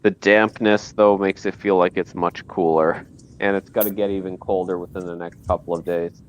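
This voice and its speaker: A man hosting his live stream, chatting casually with dry deadpan remarks. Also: sits low, normal speed, rough recording. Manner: dry, deadpan one-liners. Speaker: streamer, host.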